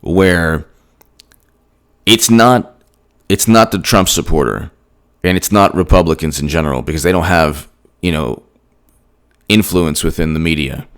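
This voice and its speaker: On his own channel, a man delivers emphatic, rambling political commentary, restarting himself often. His low voice has a fairly bright tone and a measured pace, with frequent pauses.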